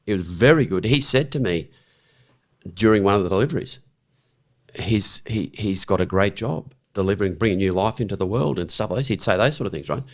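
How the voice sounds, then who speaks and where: A middle-aged Australian podcast guest with a lowish voice and lively intonation talks fairly quickly. He tells his story in a frank, blunt, conversational manner, restarting lines and asking "right?" habitually.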